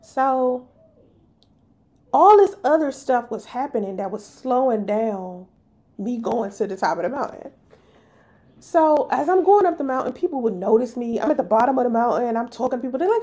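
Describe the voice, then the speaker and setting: A woman, hosting a podcast and telling a personal story in an animated, emphatic way. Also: high voice, a little fast. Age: 30s. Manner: animated, emphatic, slips into voicing others. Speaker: podcast host.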